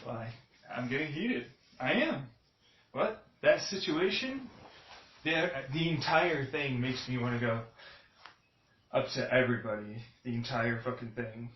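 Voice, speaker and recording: Foul-mouthed man, slow and echoey. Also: mid-range voice, expressive, slight background noise. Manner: profane, rambling, flares into shouting anger. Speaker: video journal host. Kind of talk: casual reaction commentary. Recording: dull lo-fi sound in an echoey room.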